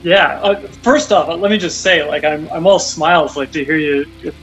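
A man's voice: fairly high pitch, moderate pace, fairly bright tone. A young man, a guest musician calling in, talking casually and rambling, with many fillers and restarts. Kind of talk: casual interview by phone. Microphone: phone call. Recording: dull lo-fi call-in audio, faint music.

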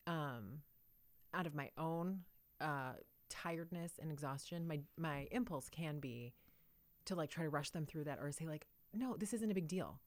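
Woman, low voice, thoughtful, laughs often, dry close sound. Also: unhurried, no echo. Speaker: podcast co-host. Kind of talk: casual conversation.

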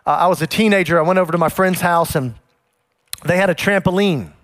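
A man who is a pastor, telling personal stories in a sermon and acting out the scenes with animated energy. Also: high voice, fairly quick.

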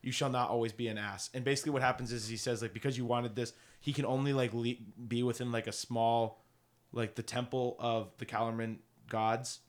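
A man's voice: mid-range voice, flat delivery, brisk. A man in a casual book discussion, retelling the story with fillers and laughter. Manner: retells and reads aloud, many fillers and laughs.

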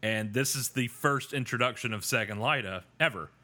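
A man hosting a podcast and walking through an episode recap in a loose, rambling way. He pokes fun at himself as he goes. His voice has a bright, forward edge. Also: mid-range voice, normal speed. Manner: rambling, self-deprecating, with many fillers and restarts. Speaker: podcast host. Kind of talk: casual episode recap chat.

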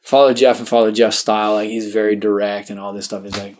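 A man, a priest, telling a personal story in a casual, animated way, laughing often and saying "like" a lot. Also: on the low side, fast, slight background noise. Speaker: Catholic priest.

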